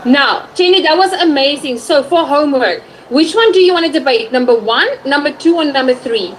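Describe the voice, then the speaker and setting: A woman with a high voice teaches English online, asking questions and praising her student. A faint noise sits under her speech. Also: lively intonation, brisk, poor audio. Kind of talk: online tutoring session.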